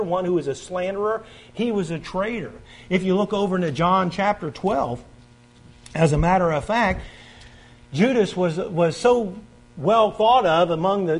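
A man preaching a sermon, reading scripture aloud and swinging from forceful stresses to quiet, earnest stretches. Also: breathy edge, rough recording. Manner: emphatic, swings between loud stresses and quiet earnest lows; reads scripture aloud and invites the congregation to turn pages.

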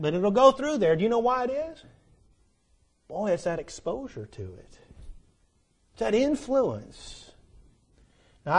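A middle-aged man preaching a sermon earnestly, dropping low at the ends of lines and rising for emphasis. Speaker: pastor.

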